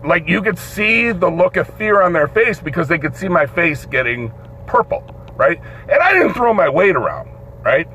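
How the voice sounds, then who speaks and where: A man hosting a live show, telling a story in an animated way, swearing and acting out the voices in it. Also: high-pitched, normal speed. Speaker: host. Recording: dull lo-fi stream audio with faint noise.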